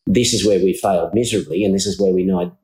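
A man's voice: deep voice, fast talker, a little mellow. A man with an Australian accent hosting a podcast interview, talking earnestly and feeling his way through his thoughts. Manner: earnest, searching, many restarts. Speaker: podcast host. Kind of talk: conversational interview. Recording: roomy echo.

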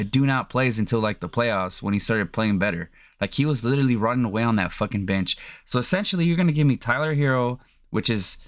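A young man hosting a sports podcast, ranting in a heated, profane, rambling way full of fillers. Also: mid-range voice. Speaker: podcast host. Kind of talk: casual sports podcast rant.

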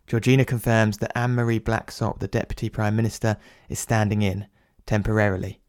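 A man's voice: lowish voice, flat delivery, fairly quick, darkish tone, smooth, no echo, clean studio sound. A man narrating an audio drama as a wry inner voice, speaking to the listener in second person.

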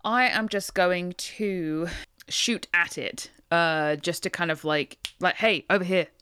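A woman's voice: on the low side, takes it slowly, pushed and bright, clear, resonant tone, no echo. A woman playing in a tabletop game, chatty, swearing when rolls go badly. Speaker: player. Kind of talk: casual tabletop play.

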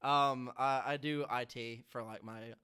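Deadpan young man from Alabama. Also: medium pitch, unhurried, clean tone. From Alabama, United States. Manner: deadpan joking, tall tales told straight. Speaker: podcast guest. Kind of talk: casual chat.

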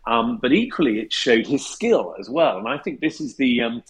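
A male historian, a guest on the show, giving long, measured, anecdotal answers and pausing with ums as he thinks. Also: medium pitch, big pitch swings, low-quality recording. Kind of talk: explanatory interview answers.

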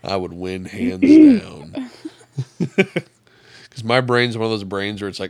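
A man from the Midwest, chatting casually as a podcast co-host and telling stories in an animated way. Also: fairly low pitch, unhurried, creaky, long pauses, no room sound. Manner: animated storyteller, laughs often. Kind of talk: casual chat.

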